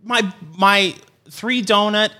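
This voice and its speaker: A man co-hosting a podcast, rambling and halting as he explains his food habits. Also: sits high, fairly even intonation, bright, forceful tone. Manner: rambling, halting, self-mocking. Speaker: podcast co-host. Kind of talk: casual chat.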